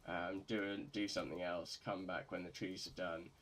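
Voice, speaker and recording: A young man from England talks in a low-pitched voice. He is a bit tipsy and rambles casually through his gaming commentary. He swears freely and often restarts himself. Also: flat delivery, normal speed, a bit bright, a little hiss or hum. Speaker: gaming streamer.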